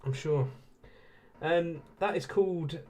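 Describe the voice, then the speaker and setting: During a relaxed live watch-along, a man from England in his late twenties talks with his viewers and laughs a lot. His English-accented voice is on the high side with a darkish tone, and he speaks slowly.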